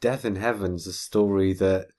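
A man hosting a podcast in casual chat, animated and jokey, reading out a listener's email. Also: sits low, moderate pace. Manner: animated, jokey, laughs often. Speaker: podcast host.

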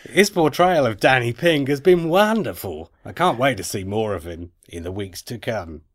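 A man's voice: medium pitch, expressive, moderate pace, heavy background noise, natural voice. A man putting on a broad, exaggerated Australian voice to read a listener's email. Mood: mock. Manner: exaggerated, wobbly put-on accent.

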